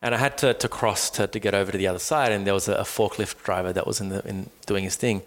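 A man who teaches meditation, talking in a casual podcast chat, animated and storytelling, casually swearing and acting out the people he quotes. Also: lowish voice, fast talker, a little hiss or hum. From Australia.

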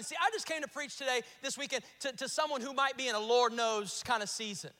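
Southern man preaching, very high voice, bright tone, emphatic and repetitive, long reverb of a big church hall. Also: fast, hardly any pauses. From South Carolina, US. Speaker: pastor. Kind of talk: sermon. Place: large church auditorium.

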